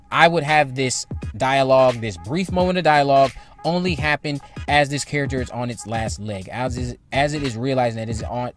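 A man talking casually as a movie commentary host, opinionated and rambling, circling back to repeat his points. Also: mid-range voice.

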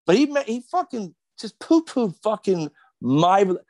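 A middle-aged man ranting on a podcast, worked up and profane, his pitch swinging widely and sitting a bit high for a man. He talks into a close studio mic in a dry, dead room, packing in fillers and restarts. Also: sing-song, moderate pace, a little mellow, no echo. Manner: profane, fired up, repetitive fillers. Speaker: podcast guest, skateboarder. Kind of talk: heated podcast rant.

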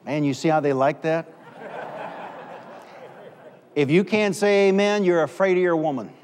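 A middle-aged man preaching as pastor of a church, leading call-and-response and rising to shouts. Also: fairly high pitch, normal speed. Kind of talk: preaching a sermon. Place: church sanctuary. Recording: reverberant church hall.

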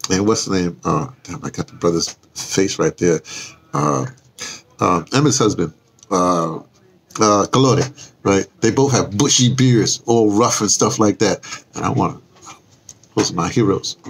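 An older man chatting loosely on a live stream from outdoors, wandering off topic and correcting himself as he goes. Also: lowish voice. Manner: meandering, self-interrupting, chuckling asides. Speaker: vlogger. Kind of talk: rambling live-stream chat. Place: outdoors in the cold.

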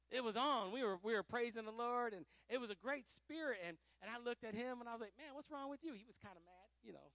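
A man pastor teaching a Pentecostal Bible study, fervent and animated, often laughing and swinging between loud exhortation and soft asides. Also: sits high, no echo.

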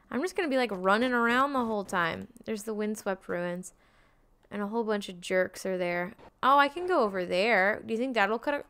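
A woman with a smooth, somewhat bright, fairly high voice streams a game and gives chatty let's-play commentary. She exclaims a lot and jokes at her own expense.

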